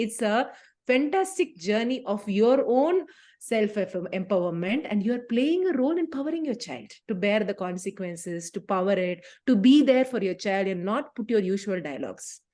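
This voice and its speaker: A middle-aged woman with an Indian English accent, facilitating a parenting talk and acting out scenes from family life. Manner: animated storytelling, acts out scenes with sharp pitch jumps.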